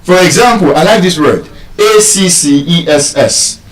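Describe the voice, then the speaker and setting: A man's voice: a little high, lively intonation, measured pace. A man teaching pronunciation to a live audience, spelling words out letter by letter and quizzing the room in a teasing way. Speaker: speaker teaching English pronunciation. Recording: echoey hall, mic at a distance.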